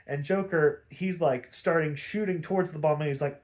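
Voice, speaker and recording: A man hosting a podcast, recapping an episode in a casual, rambling, animated way with a lot of swearing. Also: on the high side, normal speed. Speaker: podcast host.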